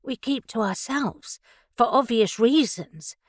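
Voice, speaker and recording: A woman's voice: a little high, expressive, takes it slowly, dry recording, studio quality, voice pushed up. A woman voicing a wary, proper young witch in an audiobook, speaking in a restrained way. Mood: reassuring.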